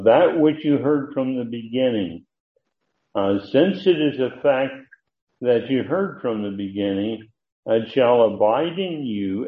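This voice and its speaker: An older man teaching a verse-by-verse Bible lesson, halting with many fillers and sudden emphatic rises. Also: on the low side. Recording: tinny phone-like recording.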